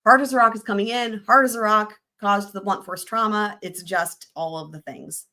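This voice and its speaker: A woman's voice: medium pitch, moderate pace, few pauses, sharp tone. A woman hosting a casual livestream, reading court filings aloud and joking, often breaking into giggles. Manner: giggly, jokey, trails off into laughter. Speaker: livestream host.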